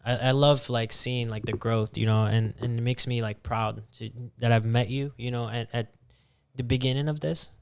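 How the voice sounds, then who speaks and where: A young man chatting as a podcast guest, supportive and hesitant, often trailing off quietly with many restarts. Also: mid-range voice, steady tone, moderate pace, gravelly, clean tone. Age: young adult. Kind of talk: casual chat.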